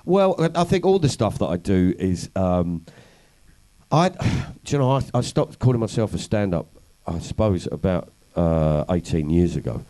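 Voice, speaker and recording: Male guest, low warm voice, wry anecdotal storyteller. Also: sing-song, moderate pace, poor audio. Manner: anecdotal, wry, self-deprecating. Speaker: comedian and activist guest. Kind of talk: conversational storytelling interview.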